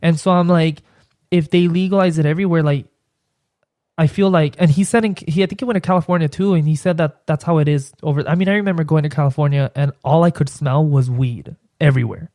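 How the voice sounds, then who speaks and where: A man's voice: on the high side, fast talker, a little mellow, no room sound, clean studio sound. A young man with a Mexican accent, a podcast guest chatting casually and often hesitating and repeating himself. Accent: Mexican Spanish. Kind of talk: casual chat.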